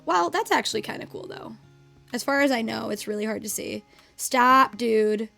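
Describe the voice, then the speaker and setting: A woman's voice: on the high side, animated, normal speed, gravelly, sharp tone. A young adult woman streaming a game, chatting casually with viewers and swearing at the game while she teaches. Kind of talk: casual live-stream chat. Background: faint guitar music.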